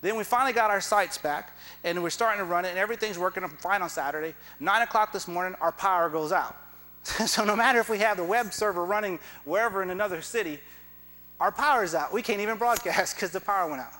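A man's voice: high voice, fast, bright, forceful tone, big-room sound, low-quality recording. A man preaching a sermon, telling a personal story with quoted dialogue and chuckling asides.

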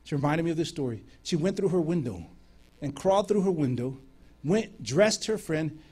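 A man preaching, telling a lively story and acting out the dialogue of the people in it. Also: on the high side, moderate pace, slightly rough. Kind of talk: sermon storytelling.

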